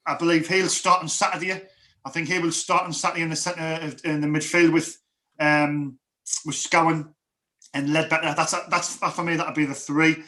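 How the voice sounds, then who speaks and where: A man's voice: fairly high pitch, sharp tone. A man co-hosting a casual fan football stream, rambling through match talk with many restarts. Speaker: fan co-host.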